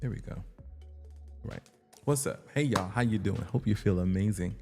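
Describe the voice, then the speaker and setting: Deep gravelly man on a live stream. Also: normal speed, in a large hall, over music. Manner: relaxed, greets chat repeatedly, casual slang. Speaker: livestream host, ministry leader. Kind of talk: casual live stream chat.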